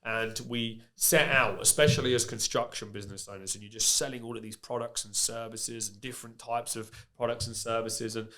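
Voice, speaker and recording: A man, speaking as a guest on a relaxed podcast. He tells frank stories in a lively way, often pausing for "yeah" and "you know". He talks like a hands-on business owner. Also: mid-range voice. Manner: candid, lively anecdotes with frequent fillers like "you know" and "yeah". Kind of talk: casual podcast interview storytelling.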